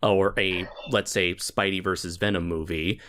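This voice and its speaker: A man's voice: sits low, steady tone, normal speed, a bit bright, slight background noise. A man in casual podcast film talk, easygoing and hesitant, with lots of fillers and frequent laughter.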